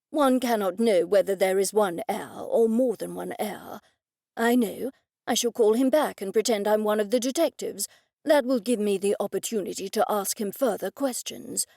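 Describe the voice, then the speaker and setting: Pompous elderly English gent, voiced by a woman narrator, stiff and formal, a touch high. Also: normal speed, gravelly, darkish tone, no echo, clean studio sound. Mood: indignant. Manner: stiffly formal, old-fashioned phrasing.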